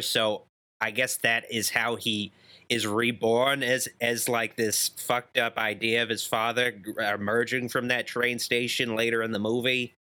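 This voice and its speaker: A man's voice: medium pitch, bright, forceful tone. A man chatting casually about a movie on a podcast, rambling and hedging with many fillers. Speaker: podcast co-host.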